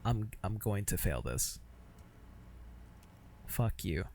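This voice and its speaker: Young man, game streamer, casual profane commentary, gravelly voice, animated pitch. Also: slow pace, a little hiss or hum. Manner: profane, exasperated, self-mocking.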